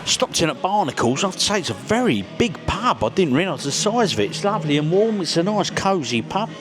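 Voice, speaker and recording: A man's voice: high-pitched, very animated, fairly quick, music in the background, poor audio. A man vlogging casually to camera, jokey and chatty, talking straight to his viewers. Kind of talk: casual vlog talk to camera. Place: outdoors on a town street and in a pub.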